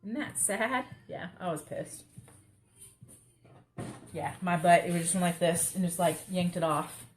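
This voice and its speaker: A woman's voice: on the low side, a little slow, long pauses. A young woman, rambling and joking through a casual live craft chat. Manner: rambling, chatty, self-mocking humor. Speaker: craft livestream host. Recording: faint background noise.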